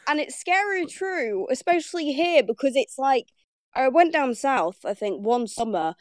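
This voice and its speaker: A woman's voice: sits high, a little slow, no echo. Bubbly northern English young woman. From Northern England. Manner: bubbly, laughing, animated storyteller. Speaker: podcast co-host. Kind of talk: casual chat.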